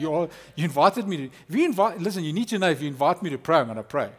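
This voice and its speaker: A man preaching a lively, conversational sermon as a pastor, acting out quotes. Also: fairly high pitch, brisk.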